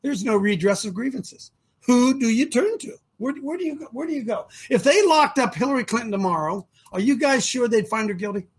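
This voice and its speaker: A man's voice: extremely high pitch, animated, fairly quick, slightly rough. An older man hosting an opinionated talk show, emphatic and firing rhetorical questions at his listeners.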